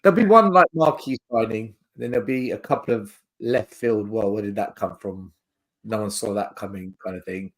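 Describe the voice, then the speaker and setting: A man joins a live stream as a guest. His voice is low and husky, and he stays calm and wry. He talks in a matter-of-fact way. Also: moderate pace, poor audio. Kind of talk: casual chat.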